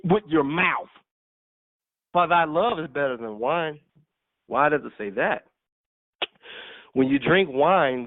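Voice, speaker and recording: A man preaching a sermon in an emphatic, teasing way, laughing often as he teaches. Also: a little high. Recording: tinny phone-like audio.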